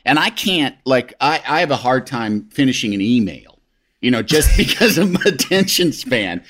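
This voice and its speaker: Animated bright-voiced male podcast host. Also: mid-range voice, normal speed. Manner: rambling, many restarts, animated. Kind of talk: casual chat.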